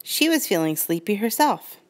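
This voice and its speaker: A woman who leads a girls' youth group, reading a children's storybook aloud in a gentle, expressive way. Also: mid-range voice, moderate pace, no room sound. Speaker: Girl Guide leader, storyteller. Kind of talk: storybook read-aloud narration.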